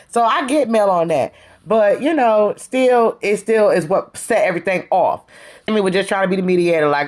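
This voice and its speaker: A woman's voice: a little high, expressive, fairly quick. Chatty slangy woman recapping TV. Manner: chatty slangy retelling, acts out quotes. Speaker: reality TV recap host. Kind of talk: casual episode review.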